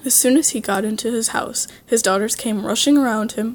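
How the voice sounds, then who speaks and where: A woman's voice: a little high, brisk, hardly any pauses. Woman reading a fairy tale aloud. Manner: engaging, asks the listener questions. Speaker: storyteller.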